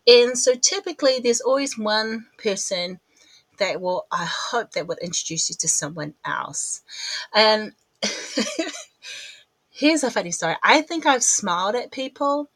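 A woman hosting a podcast in a casual, rambling chat, a little out of breath and quick to laugh at herself. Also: mid-range voice, lively intonation, a bit bright, dry recording, rough recording. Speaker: podcast host.

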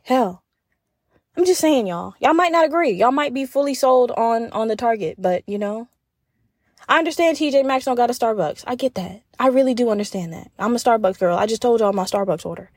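A woman's voice: on the high side, expressive, fairly quick, no echo, clean studio sound. A young woman hosting her own podcast, chatting casually and animatedly with listeners and swearing freely as she talks. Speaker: podcast host. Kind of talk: casual solo podcast chat.

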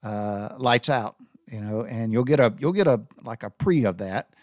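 A man's voice: lowish voice, moderate pace, dry recording, studio quality. A man with a Southern US accent, a Navy veteran rambling casually through sailor slang with many restarts. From Southern United States. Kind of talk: casual spoken monologue.

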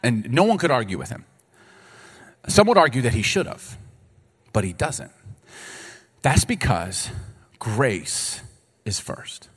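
A man in his thirties preaching a sermon as a pastor, conversational and animated, with quick asides and acted-out exchanges. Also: mid-range voice, breathy edge. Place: church sanctuary. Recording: long hall reverb.

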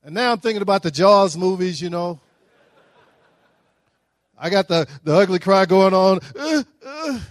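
A man, giving a folksy, animated storytelling speech at a breakfast event. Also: high voice, moderate pace, pauses often, no room sound, studio quality. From Dallas, Texas. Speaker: guest speaker.

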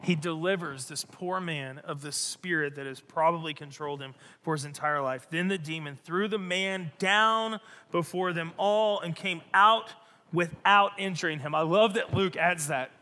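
Animated high-voiced preacher in a hall. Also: male voice, normal speed. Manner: animated, emphatic, repeats phrases. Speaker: pastor. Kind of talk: sermon.

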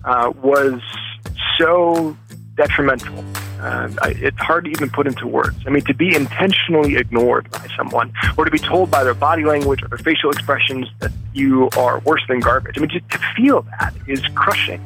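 A man's voice: mid-range voice, normal speed, gravelly, a bit bright, soft background music. A man being interviewed, telling his story earnestly and sometimes searching for words. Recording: slightly dull dry recording.

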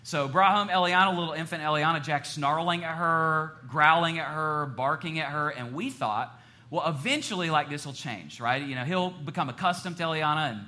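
A middle-aged pastor with a slightly high voice preaches a sermon, telling stories animatedly and joking with his audience.

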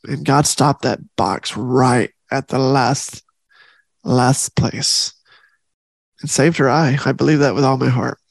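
Slow and creaky at a medium pitch, this middle-aged faith podcast host talks with heartfelt earnestness, circling back to key phrases to stress them. The recording has no room sound.

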